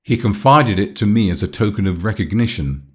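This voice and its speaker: A man's voice: lowish voice, lively intonation, brisk, natural voice. A man voicing an anxious, devoted young woman in an audiobook, speaking with raised, emotional pleading. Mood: distraught. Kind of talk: audiobook character voice.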